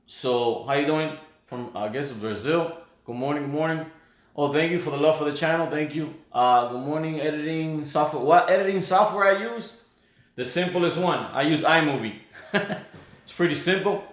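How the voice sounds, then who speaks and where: Casual live-stream host, male, slightly high voice, loose rambling delivery, roomy echoey sound. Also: moderate pace. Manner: rambling, greets viewers by name and place. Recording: roomy echo.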